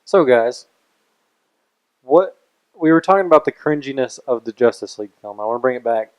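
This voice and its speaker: A man's voice: mid-range voice, lively intonation, a little fast. Rambling young man in podcast chat. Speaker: podcast co-host. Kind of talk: casual chat.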